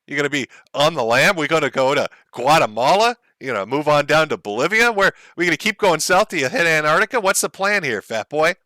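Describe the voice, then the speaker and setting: A man on a livestream rants in a mocking, profane way and breaks into laughs at his own jokes. His voice is bright and tense, and his pitch swings widely. The sound is dry and close, with no room around it. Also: animated, fairly quick, hardly any pauses, no echo. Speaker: livestream host.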